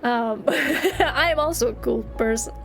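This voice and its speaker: High-voiced woman streamer over game music. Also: measured pace. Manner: expressive, swears, laughs often. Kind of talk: live gameplay commentary.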